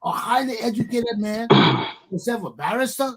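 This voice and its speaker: Angry husky-voiced man ranting. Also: very high voice, lively intonation, normal speed. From Liberia. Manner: angry, profane, repeating himself, rhetorical questions. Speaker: talk show host. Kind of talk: heated talk show rant.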